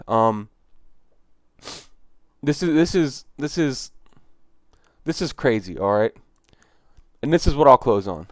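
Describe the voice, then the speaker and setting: A man's voice: medium pitch, no echo, studio quality. A man giving casual, exasperated commentary on news clips, repeating his points for emphasis. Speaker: video commentator.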